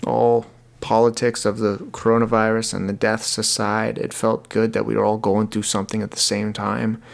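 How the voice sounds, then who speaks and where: A young podcast host talks alone at normal speed, his lowish, creaky voice delivered completely flat. The casual solo monologue is earnest and rambling, full of repeated words and restarts.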